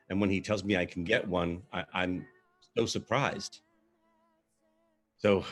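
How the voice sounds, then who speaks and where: A man with a low, husky voice reads his own story aloud in a live theatre piece. He tells it expressively, in the first person, as a monologue. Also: fairly bright tone.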